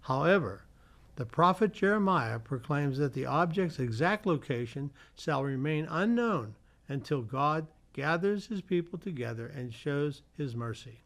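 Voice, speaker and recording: Slightly high-voiced male community TV host. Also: expressive, unhurried, a bit bright. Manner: reads from slides, stumbles and corrects himself. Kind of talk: reading fun facts on a community TV show. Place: community television studio.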